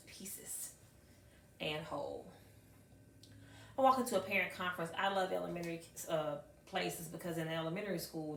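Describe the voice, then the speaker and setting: A middle-aged woman, a high school math teacher, telling stories to an audience with emphatic repetition and acted-out dialogue. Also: creaky, a little hiss or hum. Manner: emphatic, acts out dialogue, repeats phrases for effect. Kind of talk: storytelling talk to an audience. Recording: echoey room, mic at a distance.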